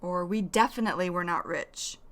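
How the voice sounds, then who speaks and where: A woman from the northern United States with a Northern US accent, teaching English vocabulary slowly and clearly and repeating key words. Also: fairly low pitch, fairly bright tone. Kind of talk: slow explanatory language lesson.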